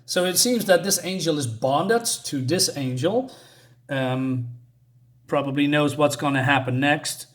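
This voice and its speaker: A man's voice: a little high, measured pace, fairly bright tone. A man casually reviewing a comic book, rambling and hesitant, full of fillers and restarts.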